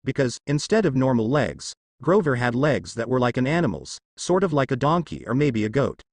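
A man reading a story aloud. His pitch rises and falls a lot as he goes, and his voice is close and dry, with no room sound. He keeps the narration quick and even and only slightly lifts his tone for the characters' lines. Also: no echo. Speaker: fan fiction reader.

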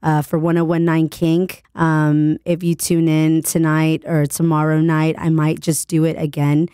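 A woman DJ hosting her podcast while sick, her voice hoarse and raspy, chatting playfully and joking about herself. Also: deep voice, flat delivery, measured pace, mellow, no room sound, studio quality. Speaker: radio DJ and podcast host. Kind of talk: casual solo podcast chat.

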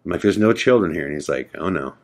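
A man's voice: sits low, fast talker. A man hosting a podcast, casually telling a spooky story and acting out the dialogue. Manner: animated, acts out quoted dialogue; casual, filler-heavy speech. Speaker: podcast host.

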